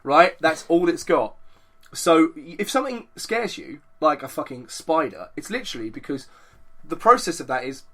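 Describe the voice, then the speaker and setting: A young man rambling through a casual podcast chat, swearing freely and piling on asides. His voice is bright and sits a little high. He tells stories with lots of energy. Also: normal speed. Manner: rambling, sweary, animated storytelling. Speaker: podcast co-host.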